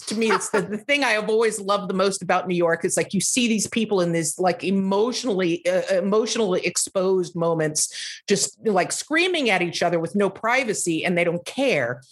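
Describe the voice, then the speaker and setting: A woman's voice: mid-range voice, moderate pace. A woman telling a casual comic anecdote on a podcast, rambling with lots of fillers and restarts, and acting out quotes with animation. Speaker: comedy podcast guest.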